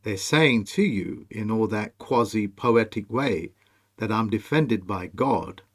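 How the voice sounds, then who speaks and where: A man presenting a monologue over on-screen images, slow, emphatic and commanding as he speaks straight to the viewer. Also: fairly low pitch. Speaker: video presenter.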